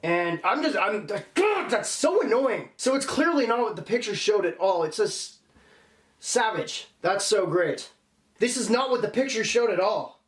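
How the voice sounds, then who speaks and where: High-voiced frustrated young man ranting. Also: very animated, moderate pace, hardly any pauses, echoey room. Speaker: vlogger. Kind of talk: casual unboxing vlog.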